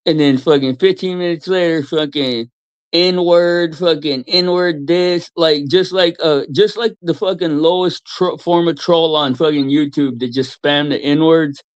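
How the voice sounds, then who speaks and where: A man's voice: fairly high pitch, unhurried, dry recording. A man ranting at someone in a heated chat, swearing heavily and mocking him. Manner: profane, ranting, mocking with put-on voices. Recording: dry, dull lo-fi sound.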